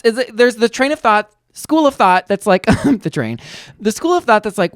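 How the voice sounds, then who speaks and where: A young adult woman co-hosting a podcast, in a casual chat, telling a story in an animated, playful way with acted-out quotes. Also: a little high, moderate pace, no room sound, studio quality. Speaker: podcast co-host.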